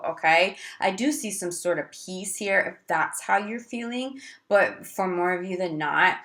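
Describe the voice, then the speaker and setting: A woman's voice: fairly low pitch, measured pace, fairly bright tone. A woman giving a casual tarot reading to camera, chatty and full of fillers, who often acts out the lines of the people she talks about. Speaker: tarot reader.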